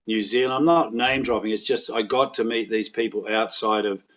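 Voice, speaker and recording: A man's voice: on the low side, moderate pace. Rambling Australian man, lo-fi sound. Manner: rambling, animated anecdotes with voiced quotes. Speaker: podcast guest, actor. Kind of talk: casual storytelling chat.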